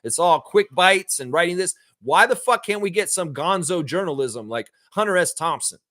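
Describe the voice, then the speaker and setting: A man's voice: moderate pace, no room sound, studio quality. A man hosting a sports show, ranting and swearing in a heated commentary and mocking people with put-on voices. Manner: animated and swearing, jumping up high for emphasis.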